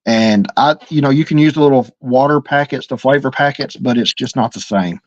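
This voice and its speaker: A man's voice: mid-range voice, brisk, no room sound. Easygoing Alabama man, dry lo-fi audio. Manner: storytelling, easygoing, repeats words. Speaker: livestream co-host. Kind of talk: casual chat.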